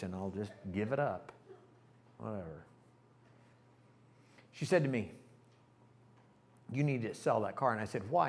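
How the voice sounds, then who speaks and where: Older pastor telling a folksy story. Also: male voice, medium pitch. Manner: folksy, animated storytelling with quoted voices. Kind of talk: storytelling sermon. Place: church sanctuary.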